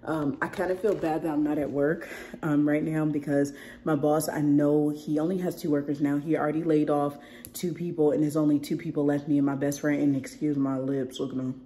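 Talking straight to her viewers from home, a young woman vlogs casually while sick and losing her voice, chatting and laughing a lot. Her deep, dark voice stays level and fairly quick, with a little hiss or hum in the recording.

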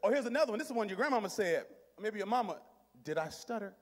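A man with a high, ringing voice preaches a dynamic sermon, surging to shouts and then dropping to hushed near-whispers as he works the congregation. Long reverb rolls through the church sanctuary around him. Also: lively intonation, rapid-fire, slight background noise. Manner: talks directly to the congregation in call-and-response. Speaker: pastor.

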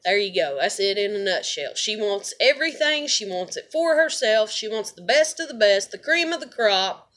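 A woman's voice: mid-range voice, sing-song, normal speed, few pauses, a bit bright. A woman vents in a blunt, profane, rambling monologue, often repeating words as she talks to her viewers. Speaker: vlogger. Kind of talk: casual venting monologue to camera.

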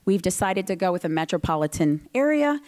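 A woman giving a motivational speech at a ceremony, telling her story in an animated way and acting out the dialogue. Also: fairly low pitch, brisk. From United States. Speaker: guest speaker. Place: ceremony hall.

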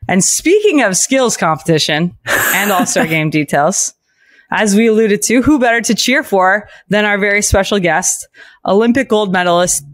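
A woman co-hosting a sports podcast in casual chat, brisk and laughing at her own slips. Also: on the low side, dry recording, studio quality. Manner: brisk, stumbles and laughs at herself. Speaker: podcast co-host.

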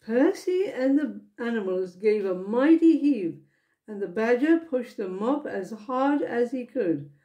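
A woman reading a children's picture book aloud to her grandchildren, slowly and gently, giving the characters voices. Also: fairly high pitch, lively intonation, highs cut off. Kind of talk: storybook read-aloud.

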